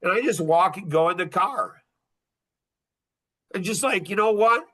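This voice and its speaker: A man's voice: sits high, lively intonation, unhurried, fairly bright tone, breathy edge. A middle-aged man hosting a podcast in casual talk, blunt and rambling, often repeating himself. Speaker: podcast host.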